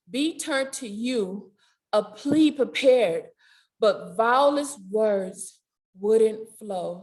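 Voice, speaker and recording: A woman reading a picture book aloud at a library storytime, animated and sing-song, with playful animal sound effects. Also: a little high. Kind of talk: children's storytime read-aloud. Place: public library.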